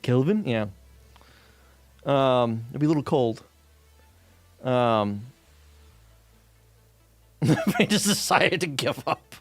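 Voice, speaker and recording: A man talks casually to his stream while coding, rambling through fillers and the odd swear. His pitch jumps around in a lively way. The room sounds dry, with faint music underneath. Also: takes it slowly, long pauses, no room sound. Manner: rambling, many fillers, swears casually, reads chat aloud.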